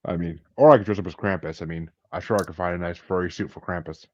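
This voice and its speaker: A man's voice: low-pitched, fairly even intonation, fast talker, muffled recording. A man who hosts a podcast, chatting casually, joking and swearing freely. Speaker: podcast host. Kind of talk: casual chat.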